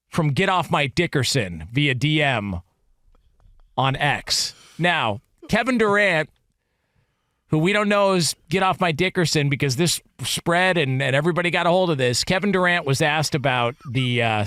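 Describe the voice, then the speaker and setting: A man co-hosting a casual sports talk radio show, animated and emphatic as he reads quotes aloud. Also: a little high, a little slow, dry recording, clean studio sound.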